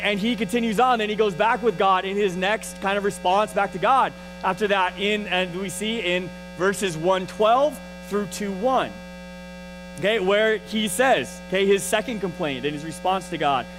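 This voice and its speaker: A man's voice: high-pitched, moderate pace, music in the background, poor audio. A man teaching a casual Bible lesson at church, talking conversationally and checking in with his listeners as he goes. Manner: conversational, often checks in with "right?" and "okay?"; restarts and repeats words often.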